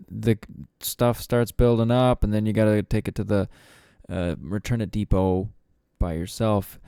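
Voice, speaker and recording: A man rambling through a casual solo podcast, with a lowish, mellow voice. He swears freely and trails through fillers. The recording is close and dry. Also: fairly even intonation, unhurried, vocal fry, hardly any pauses, clear, resonant tone, dry recording. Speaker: podcast host.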